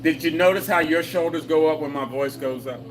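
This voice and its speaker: A man's voice: on the high side, fairly quick, a little hiss or hum, low-quality recording. A man leading a live exercise class for seniors, giving patient, repetitive step-by-step cues with folksy jokes. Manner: patient, repetitive coaching with call-and-response cues. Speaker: senior fitness instructor.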